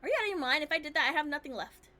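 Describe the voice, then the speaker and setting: A woman's voice: sits high, expressive, very fast, sharp tone. A woman voicing an arrogant, spoiled young heir who talks down to everyone. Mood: bitter. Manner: haughty, smug, condescending.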